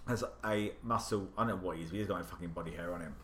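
A young man co-hosting a podcast, telling gossipy stories in casual chat, animated and swearing freely. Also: sits low, racing. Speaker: podcast co-host. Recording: echoey room with faint hiss.

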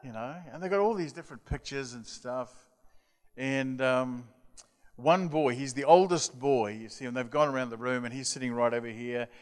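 A man's voice: mid-range voice, moderate pace. Guy preaching a story, chatty, acts out voices, big echoey hall. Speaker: youth mission leader. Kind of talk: storytelling sermon. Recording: long hall reverb.

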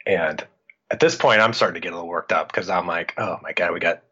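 A man's voice: low voice, quick pace, breathy edge. A middle-aged man from Iowa, a podcast guest, telling a story in casual chat and acting out what he said back then. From Iowa, United States. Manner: animated, acts out his own past lines. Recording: dull lo-fi audio.

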